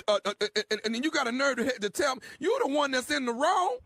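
A fairly high-voiced man speaks on a radio prank call, confrontational and stammering. The sound is dry and close, with no room around him. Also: expressive, quick pace, hardly any pauses, bright, forceful tone, dry recording.

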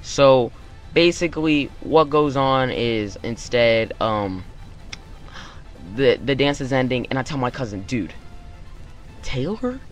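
A young man hosting his channel, telling a story-time tale in an animated way and acting out the quotes. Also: mid-range voice, unhurried, soft background music. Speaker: YouTube channel host.

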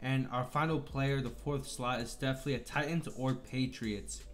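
A man's voice: medium pitch, fairly even intonation, normal speed. A man hosting a gaming channel, talking through game cards in a chatty, upbeat way and apologizing for slips while he has the hiccups. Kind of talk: casual video game commentary.

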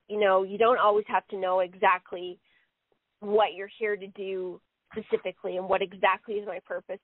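A woman's voice: mid-range voice, no echo. A woman working as a psychic medium on a live radio show, relaying messages in a rambling way with frequent "he says.". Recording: phone-line sound, dry.

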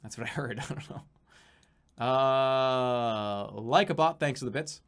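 A man's voice: medium pitch, unhurried, fairly bright tone, clean tone. A man from the United States streaming live, chatting casually in a rambling, profane, joking way with many restarts.

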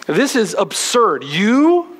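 A preacher putting on a sneering Roman governor. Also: male voice, sits high, huge pitch swings, slow, a bit bright, husky, voice pushed up, exaggerated voice. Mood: sarcastic. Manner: sarcastic, incredulous. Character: scornful Roman governor, adult man, contemptuous. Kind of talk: sermon.

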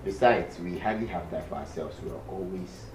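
A man playing a calm Nigerian seminarian. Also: low voice, fairly quick, noisy background, natural voice. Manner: calm, explaining, gently lecturing. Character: earnest young male seminarian, patient and advising.

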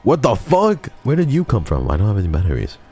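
A man's voice: lowish voice, wildly swooping pitch, fast, darkish tone, faint music behind. A young man streaming a game, bantering with his chat in a profane, teasing way. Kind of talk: casual game stream chatter.

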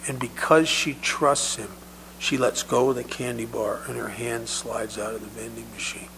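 A man's voice: medium pitch, steady tone, moderate pace, gravelly, fairly bright tone, a little hiss or hum, low-quality recording. A man telling personal stories at a recovery meeting, in a conversational way, often repeating words as he restarts. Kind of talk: personal storytelling talk.

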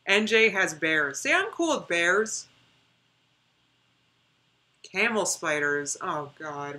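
A woman's voice: medium pitch, sing-song, takes it slowly, bright, forceful tone. A young woman chatting casually on her live stream, rambling and reading out viewer comments.

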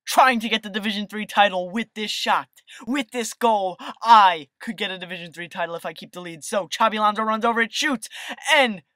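A young gamer giving excitable gameplay commentary over a football video game, swinging between hype and annoyed rants. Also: mid-range voice, dry recording, studio quality. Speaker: gaming video host.

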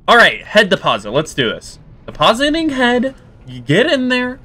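A man hosting a horror game playthrough, talking casually and reacting loudly, yelping at scares and grumbling when frustrated. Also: medium pitch, big pitch swings, moderate pace. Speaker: gaming video host. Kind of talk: let's play commentary.

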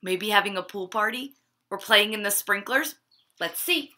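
A woman reading a picture book to children at home, pausing to ask them questions about feelings. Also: mid-range voice, slight background noise. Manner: asks children questions, expressive. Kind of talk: children's story time read-aloud. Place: living room at home.

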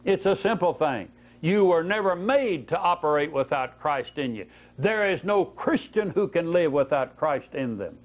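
A man's voice: fairly high pitch, animated, normal speed. Older-sounding tape of a guy preaching, folksy stories, asks the crowd questions, kinda muffled. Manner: folksy storytelling, rhetorical questions. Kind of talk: Bible teaching sermon. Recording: dull lo-fi tape recording.

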